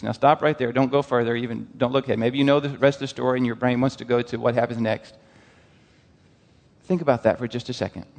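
A man preaching a sermon in an animated way, asking the congregation questions. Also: medium pitch, quick pace, vocal fry, long reverb tail. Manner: animated, asks the crowd questions, lively quoted voices.

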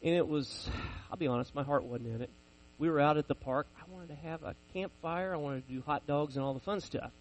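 A man's voice: a little high, fairly quick, few pauses, slight background noise, rough recording. A man in his forties preaching a sermon, telling personal stories in a conversational, self-deprecating way.

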